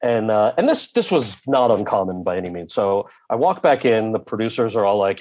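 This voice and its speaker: A man speaking as an actor and guest, telling a candid story in conversation, lively, slipping into the voices of the people he quotes. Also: on the low side, brisk. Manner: animated storyteller who acts out quoted voices.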